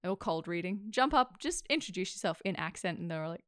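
A woman who teaches acting, chatting casually and telling animated stories with frequent laughs. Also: on the low side, fast, no room sound, clean studio sound. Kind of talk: casual chat.

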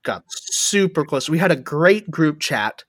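A young man hosting a casual podcast chat, rambling and halting with lots of fillers. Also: fairly high pitch, lively intonation, no room sound, studio quality. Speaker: podcast host.

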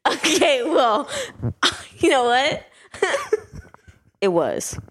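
A woman's voice: sits high, very animated, drawn-out words, slight background noise. A woman in casual podcast chat, giggly and swearing often. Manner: giggly, swearing, frequent laughter.

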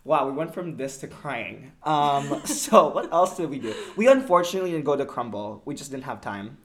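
A man's voice: medium pitch, moderate pace, crowd noise. Young male podcast co-host, easygoing and chatty, mid-range voice. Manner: relaxed, rambling chat with fillers, often laughing. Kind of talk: casual podcast chat.

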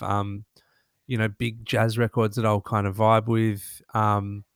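Rambling Australian host, dry sound. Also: male voice, lowish voice, no echo. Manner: rambling, many fillers like um and you know. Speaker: panel host. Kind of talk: casual panel discussion.

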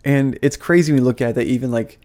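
A man's voice: mid-range voice, steady tone, fast talker, darkish tone. A young man giving casual, heated commentary to camera as a vlogger, full of fillers, restarts and frustrated asides. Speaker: vlogger, former ministry school student.

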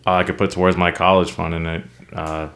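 A young man in casual podcast chat, soft-spoken and hesitant, full of fillers. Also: low-pitched, flat delivery, fairly quick. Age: young adult.

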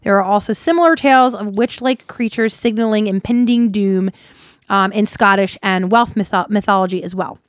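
A woman co-hosting a casual podcast chat, giggly and quick to exclaim as she retells spooky folklore. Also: medium pitch, dry recording, clean studio sound. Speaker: podcast co-host.

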